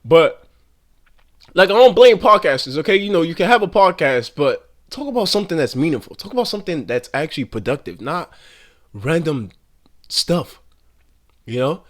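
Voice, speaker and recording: A man's voice: on the high side, big pitch swings, moderate pace, long pauses. Slangy, rambling young man ranting. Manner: slangy, rambling, swears freely. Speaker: commentator. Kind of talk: casual commentary rant.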